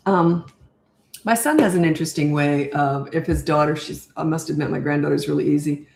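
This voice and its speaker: Older woman parenting coach, straight-talking Q&A, lowish voice in a roomy echo; live answers to comments. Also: brisk, creaky, a little mellow. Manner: chatty and direct, reads comments aloud. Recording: echoey room.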